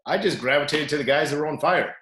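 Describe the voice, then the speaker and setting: Animated male coach in an echoey room. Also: a little high, fast, slight background noise. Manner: animated, acts out quotes loudly. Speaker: wrestling coach, podcast co-host. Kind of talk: casual storytelling chat.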